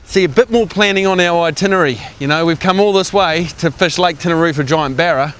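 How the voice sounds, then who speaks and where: A man's voice: a little high, fast, fairly bright tone, smooth. A man hosting a fishing show outdoors, chatty, upbeat and joking with his crew. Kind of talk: casual on-camera presenting. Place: outdoors by a lake and on a small boat. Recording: outdoor ambient noise.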